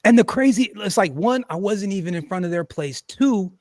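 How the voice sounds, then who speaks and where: A man casually telling a profane story on a podcast, animated and acting out quotes loudly. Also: high voice, moderate pace, dry recording. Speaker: podcast host.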